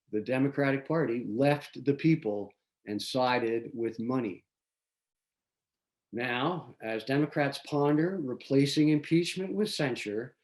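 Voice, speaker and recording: A man of medium pitch and darkish tone hosts a local community forum. He gives measured, prepared political commentary, reading from notes and restarting in small places.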